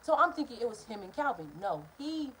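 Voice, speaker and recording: A young woman rattles through a personal story at speed, her high voice leaping all over the place. She is blunt and full of swearing, and she talks straight to the camera as if to friends. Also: brisk, slight background noise, low-quality recording. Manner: animated, profane, talks straight to viewers; acts out quoted people in changed voices. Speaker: vlogger. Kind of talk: casual storytime monologue.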